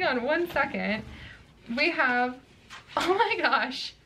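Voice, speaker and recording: High-voiced, excitable woman unboxing books. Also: slight background noise. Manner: gushing, excitable, quick to exclaim. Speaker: book unboxing vlogger. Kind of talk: casual unboxing chat.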